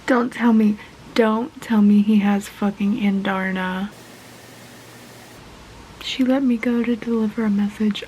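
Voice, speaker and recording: A young woman vlogging casually about her reading, gushing and excited, sometimes dropping to a whisper. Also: medium pitch, unhurried, long pauses, slight background noise, poor audio. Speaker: book vlogger. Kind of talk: casual reading vlog chat.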